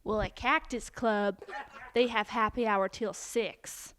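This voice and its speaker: A woman's voice: mid-range voice, steady tone, takes it slowly, a bit bright. A woman putting on a curt, petulant female customer who argues with a server. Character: snippy female customer wanting happy hour, rude.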